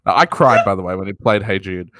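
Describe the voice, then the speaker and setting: A man co-hosting a podcast, excitable and teasing in casual chat. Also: on the low side, fast, no echo, studio quality. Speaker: podcast co-host.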